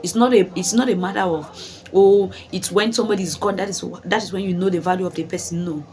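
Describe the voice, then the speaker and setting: A woman's voice: medium pitch, fairly even intonation, fast, a little mellow, faint music behind. A woman vlogging commentary who talks emphatically, asks rhetorical questions, repeats her phrases and calls her viewers guys. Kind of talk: commentary vlog.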